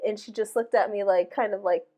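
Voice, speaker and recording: A woman in her thirties talks through personal memories on a podcast, reflective and unhurried. She leans on filler phrases as she tells her stories. Her voice sits at an ordinary middle pitch. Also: steady tone, warm tone. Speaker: podcast host. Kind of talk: casual heartfelt conversation.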